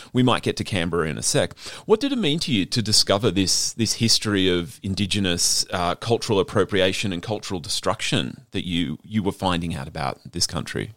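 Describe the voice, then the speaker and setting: A man's voice: fairly low pitch, dry recording, studio quality. An Australian man interviewing an author, talking in a wry, conversational way.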